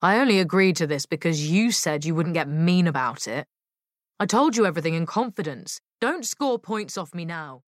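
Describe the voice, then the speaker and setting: A woman's voice: fairly low pitch, lively intonation, moderate pace, no echo, clean studio sound, natural voice. A woman voicing an awkward, sulky young man who grumbles under his breath. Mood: grumbling.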